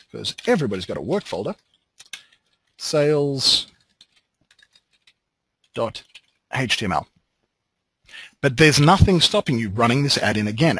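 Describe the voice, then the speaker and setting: An Australian man leading a software training webinar, explaining steps with relaxed joking asides. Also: medium pitch, slightly rough, no room sound, poor audio.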